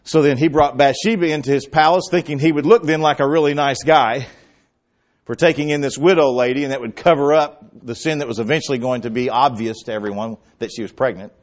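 A man preaching a sermon, retelling scripture as a lively story and acting out the quoted lines, with bursts of emphasis. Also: medium pitch, a little fast. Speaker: pastor.

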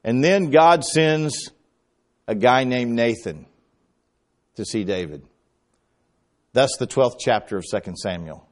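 A man preaching a sermon, retelling scripture as a lively story and acting out the quoted lines, with bursts of emphasis. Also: medium pitch, slow pace, long pauses. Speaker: pastor.

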